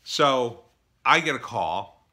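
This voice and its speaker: A middle-aged man speaks slowly at medium pitch, telling a story as part of a casual opinion monologue. He gets animated and imitates others in bursts of exasperation.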